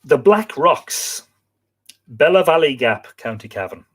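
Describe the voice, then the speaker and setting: A man's voice: fairly high pitch, big pitch swings, measured pace, slightly rough. An Irish man hosting a live book talk, reading aloud and breaking off for musing asides and self-corrections. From Ireland.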